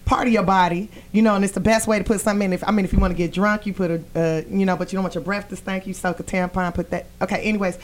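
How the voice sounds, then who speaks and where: A woman guest on a talk show, chatting casually in an animated, slangy way and laughing often. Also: medium pitch, rapid-fire, few pauses, a little hiss or hum. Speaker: guest comedian. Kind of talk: casual chat.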